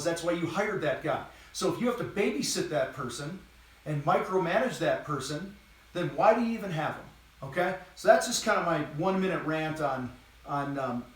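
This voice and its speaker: Expressive and brisk, with a fairly high pitch, the man hosts a live business training for contractors while moving around on camera. His style is blunt and casual, punctuated by bursts of energy and a stray swear word. The distant mic leaves his voice far away in a very echoey room.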